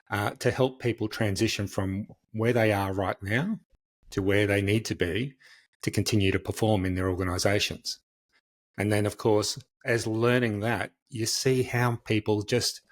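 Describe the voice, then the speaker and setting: A middle-aged man speaking as a podcast guest, answering in a conversational, storytelling way and acting out how other people react. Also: lowish voice. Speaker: podcast guest, change specialist.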